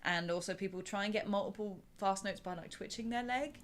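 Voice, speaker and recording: A woman's voice: medium pitch, fairly quick. A woman drum teacher giving blunt, cheeky advice in a casual live chat.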